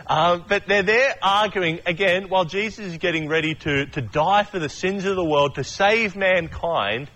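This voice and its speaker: A young adult man gives a relaxed, conversational sermon, with a voice sitting a little higher than most men's. He tells stories in a chatty way and slips into quick voices for the people in them. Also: dull audio. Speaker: pastor. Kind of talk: casual sermon.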